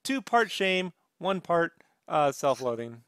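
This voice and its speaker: A man's voice: on the high side, big pitch swings, slow pace, fairly bright tone, clear, resonant tone. A man hosting a podcast in casual chat, teasing his co-host with sarcastic banter.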